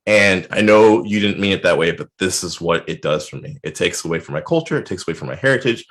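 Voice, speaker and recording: A man with a lowish voice talks as a guest over a video call. He is earnest and animated, slipping into quick impressions of other people as he tells his story. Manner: earnest, animated retellings with lively quoted voices. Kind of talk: casual chat.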